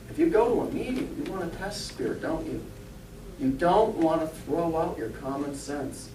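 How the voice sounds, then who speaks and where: A man speaks to a congregation in a church, his fairly high voice rising and falling freely as he jokes and asks the audience questions. He was recorded from a distant mic, so the voice rings in a roomy hall over a faint hiss. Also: darkish tone. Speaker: spiritualist minister and medium. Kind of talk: informal talk to a congregation.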